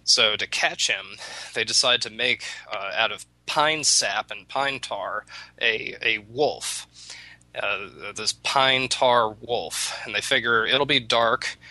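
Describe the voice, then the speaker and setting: A man's voice: medium pitch, takes it slowly, bright, forceful tone, dry recording, rough recording. A man telling a folk tale in a casual chat, rambling with hesitant restarts. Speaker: storyteller in a chat.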